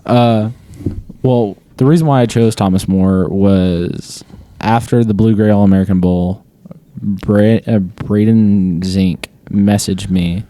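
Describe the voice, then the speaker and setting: A man's voice: lowish voice, steady tone, takes it slowly, warm tone. A young man, a student athlete, chatting casually in an interview with a laid-back, rambling manner and lots of fillers. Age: young adult.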